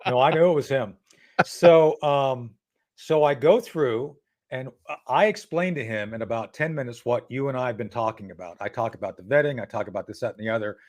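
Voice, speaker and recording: A man at an average pitch, speaking as an interview guest. He tells his story in a loose, conversational way and often restarts his sentences. He jumps into voices to act out each exchange. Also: fairly quick. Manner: animated, acts out dialogue with frequent restarts.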